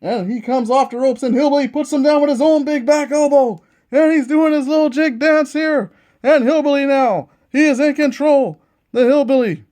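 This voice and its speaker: A man's voice: very high-pitched, moderate pace, darkish tone. A man hosting a tabletop wrestling game, giving eager play-by-play commentary and repeating each move as he calls it.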